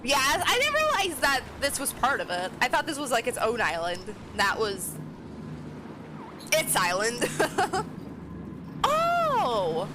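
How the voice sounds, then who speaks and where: A woman's voice: high voice, big pitch swings, measured pace, very noisy. A woman game streamer chatting casually and reading game dialogue aloud. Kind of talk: casual gameplay commentary.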